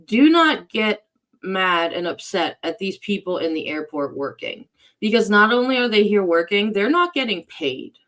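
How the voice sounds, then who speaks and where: A podcast co-host with a mid-pitched voice talks calmly in casual chat. The tone is even as they explain a point and steer to the next segment. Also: normal speed.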